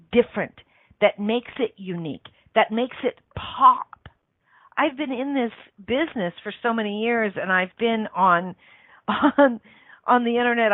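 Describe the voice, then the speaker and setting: Her voice sits on the higher side as she runs a motivational radio program, coaching listeners earnestly and driving points home through repetition. There's no echo, and the sound is dry and tinny, like a phone line.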